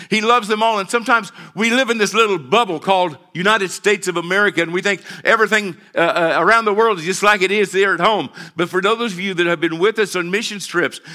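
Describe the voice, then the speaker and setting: A man's voice pitched high for a man and sharply bright, preaching a sermon. He is a middle-aged pastor who drives his points home by repeating phrases and calling for responses from his congregation.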